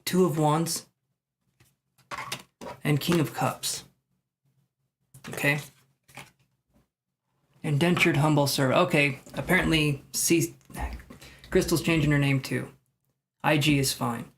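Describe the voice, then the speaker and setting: A man's voice: on the high side, steady tone, slow, long pauses, fairly bright tone, a little hiss or hum. Chatty man doing live tarot readings. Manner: rambling, self-mocking, thinks aloud. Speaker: tarot reader.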